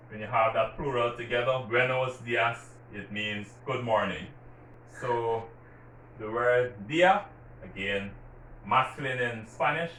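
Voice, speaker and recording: A man teaching Spanish greetings, patiently explaining grammar and repeating example words slowly with stressed syllables. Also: mid-range voice, sharp tone. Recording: roomy echo from a distant mic, faint background hiss.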